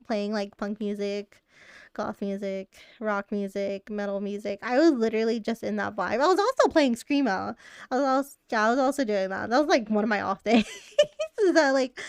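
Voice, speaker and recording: Woman streamer, rambling and chatty, laughs a lot; smooth voice, dry close sound. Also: a little high, no room sound. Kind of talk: casual live-stream chat.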